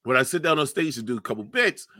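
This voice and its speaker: A man, a comedian, telling a story in excitable, jokey casual chat. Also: medium pitch, fast talker, no echo, clean studio sound.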